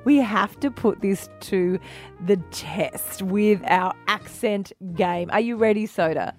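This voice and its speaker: A woman's voice: medium pitch, slow pace, faint music behind. A woman co-hosting a breakfast radio show, playful and teasing. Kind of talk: casual radio banter.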